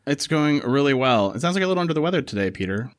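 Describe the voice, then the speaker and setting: A man's voice: mid-range voice, big pitch swings. A man hosting a casual tech podcast, chatty and full of fillers. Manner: quick, chatty delivery with frequent fillers. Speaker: podcast host.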